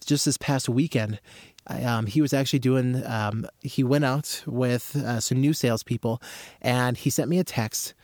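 A man explaining his therapy method in a casual talk, acting out little scenes with growing excitement. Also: mid-range voice, moderate pace, no echo, clean studio sound. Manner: animated storyteller, acts out scenes with rising excitement.

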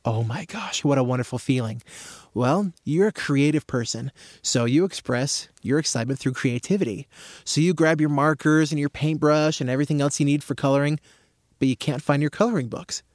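A man explaining his therapy method in a casual talk, acting out little scenes with growing excitement. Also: a little high, a little fast, no room sound, clean studio sound. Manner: animated storyteller, acts out scenes with rising excitement.

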